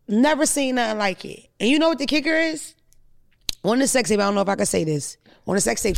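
A woman's voice: medium pitch, creaky. A woman comedian hosting a podcast, chatting casually with blunt, profane storytelling.

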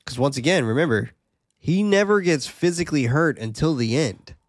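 A man's voice: a little high, expressive, moderate pace, no room sound, clean studio sound. A man co-hosting a casual podcast, recapping a film's plot and joking about it with a friend. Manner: laid-back, laughs at his own asides, reads plot summary aloud. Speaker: podcast co-host recapping a film.

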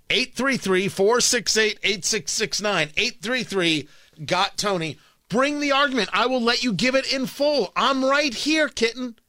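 Man, talk radio host, emphatic, combative, bright high voice, dry studio sound. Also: no echo. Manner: emphatic, combative, repeats lines for punch. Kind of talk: opinionated talk radio monologue.

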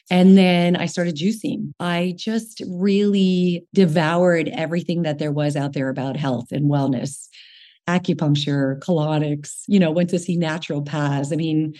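A woman's voice: deep voice, warm tone. A woman in her sixties, a nutritionist and guest, telling her story frankly and with energy, often saying "you know". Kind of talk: interview storytelling.

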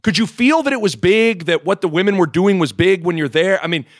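A man's voice: high voice, a little fast, no echo. Chatty male podcast host, dry sound. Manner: storytelling, laughs often, acts out quotes. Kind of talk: casual chat.

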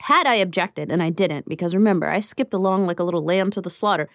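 A woman's voice: fairly low pitch, lively intonation, quick pace, no echo, clean studio sound. A woman in her thirties hosting a podcast, talking casually and acting out the lines of the people she quotes. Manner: chatty, acts out quoted dialogue. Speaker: podcast host.

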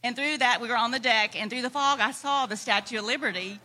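Woman, Southeast Texan accent, bright, earnest. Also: a little high, fast talker. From Germany. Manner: heartfelt, laughs easily. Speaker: interviewee. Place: convention floor.

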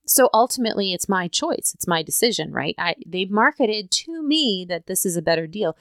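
A woman's voice: medium pitch, animated, moderate pace, fairly bright tone, dry recording, studio quality. Emphatic woman giving a casual pep talk. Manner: emphatic, conversational, keeps asking "right?". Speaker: podcast host.

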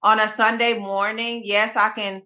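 A woman gospel singer, a guest in a casual interview, talking in a calm, easygoing way. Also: mid-range voice, normal speed, lo-fi sound.

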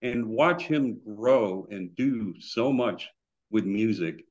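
A fairly low-pitched man spins casual anecdotes, acting out the voices of the people in them. His audio is dull and lo-fi, as if from a remote call. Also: slow. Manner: animated anecdotes with acted-out quotes. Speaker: guitar builder guest. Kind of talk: casual storytelling.

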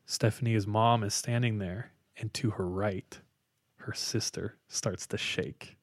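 A man co-hosting a podcast, casually retelling a spooky story with lots of fillers and a hushed tone for the eerie parts. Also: fairly low pitch, fairly even intonation, takes it slowly, no room sound, clean studio sound. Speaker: podcast co-host telling a story.

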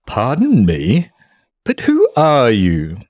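A man's voice: medium pitch, wildly swooping pitch, takes it slowly, darkish tone, no echo, studio quality, full character voice. A man putting on a pompous, ponderous Englishman. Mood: haughty. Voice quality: pretentious, ponderous, stiff-upper-lip. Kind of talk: dramatic reading of online exchange.

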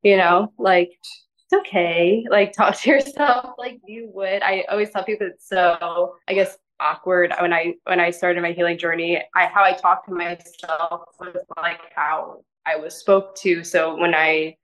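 A woman speaks as a guest on a podcast, her voice sitting a little low. Her talk is gentle and soft-spoken but rambling, packed with "like" and "you know" as she works through her thoughts. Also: fairly even intonation, a little slow, poor audio. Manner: rambling, filler-heavy with frequent "like". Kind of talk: casual interview conversation.

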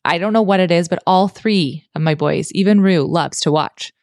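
A woman's voice: fairly low pitch, moderate pace, a little mellow, dry recording. A woman from Nebraska co-hosting a casual food and farming podcast, with dry, teasing humor. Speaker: podcast co-host.

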